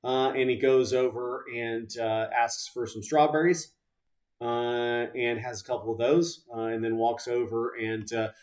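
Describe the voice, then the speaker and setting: A man narrating a tabletop game as game master, halting often to gather his thoughts. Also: mid-range voice, steady tone, darkish tone. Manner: halting, full of "uh" fillers.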